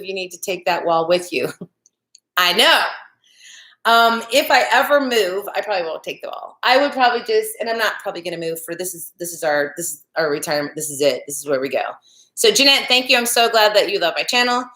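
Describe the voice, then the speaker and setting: A woman's voice: on the high side, fairly bright tone. An older woman hosting a crafting livestream from her living room, chatting in a rambling way while she answers viewer comments. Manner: chatty and rambling, with frequent restarts and fillers. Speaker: YouTube crafting channel host. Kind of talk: casual livestream chat reading viewer comments. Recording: echoey room.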